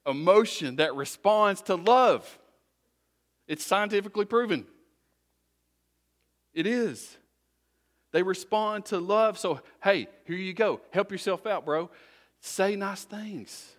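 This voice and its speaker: A middle-aged pastor delivers a sermon, speaking in a slightly higher voice than most men. He talks to the congregation conversationally and drives his points home by repeating short, punchy exhortations. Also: fairly bright tone.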